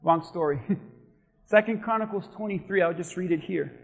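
High-voiced preacher shouting in a hall. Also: male voice, moderate pace, vocal fry. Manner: impassioned preaching that builds to shouting. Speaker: pastor. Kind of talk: sermon. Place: church sanctuary.

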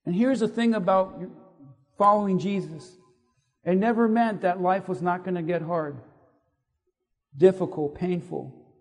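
A man preaching a sermon to a congregation, animated and asking the audience questions. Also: sits high, measured pace. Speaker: pastor. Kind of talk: sermon with audience call-and-response. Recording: echoey hall reverb.

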